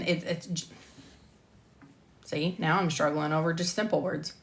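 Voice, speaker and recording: A woman's voice: low voice, steady tone, a little slow, creaky, pauses often. A middle-aged woman with a light Southern US accent, recording a pharmacology lecture for a medical coding course and breaking off into chatty asides about her mistakes. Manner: reads slides carefully, then chats with self-deprecating asides and laughter. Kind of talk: recording a scripted lecture on a live stream.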